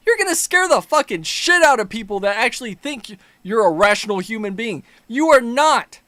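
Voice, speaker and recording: A fired-up man with a fairly high voice rants through a political commentary, swearing freely and mocking the people he criticizes. The sound is dry and close, with almost no room echo. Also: expressive, normal speed, hardly any pauses, pushed and bright. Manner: angry, profane, mocking. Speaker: commentary channel host.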